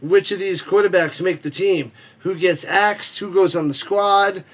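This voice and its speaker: A man's voice: high voice, fairly even intonation, a little slow. A man hosting a football watch party stream, chatting casually, joking, reading viewer messages and calling the plays. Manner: rambling, joking, reads chat messages aloud. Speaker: watch party host and play-by-play caller. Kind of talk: casual live-stream chat with play-by-play.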